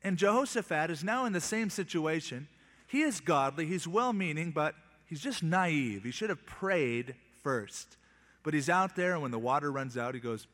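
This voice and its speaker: A man's voice: a little high, lively intonation, a little slow, a bit bright, in a large hall. A male preacher teaching from the Bible, reading scripture and retelling it in plain, wry modern terms.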